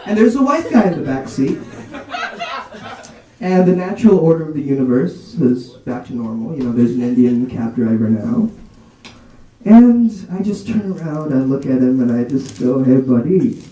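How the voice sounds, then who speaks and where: Young man doing animated stand-up. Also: mid-range voice, moderate pace. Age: young adult. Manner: animated, slips into mock voices and accents. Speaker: stand-up comedian. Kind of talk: stand-up comedy set. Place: college comedy night, indoors. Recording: roomy, distant amateur recording with crowd laughter. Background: audience laughing.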